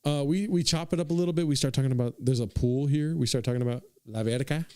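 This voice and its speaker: A man's voice: medium pitch, quick pace, darkish tone, smooth, no room sound, studio quality. Rambling, profane young man telling a story. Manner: profane, rambling, says "dude" constantly, addresses listeners. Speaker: podcast host. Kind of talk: casual comedic storytelling.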